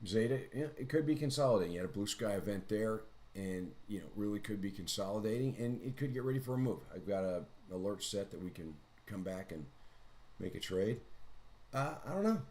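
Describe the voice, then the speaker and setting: A man with a somewhat low voice hosts a live trading stream. He walks through his charts in casual, rambling commentary and mocks himself now and then in chatty asides. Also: expressive, brisk, a little mellow.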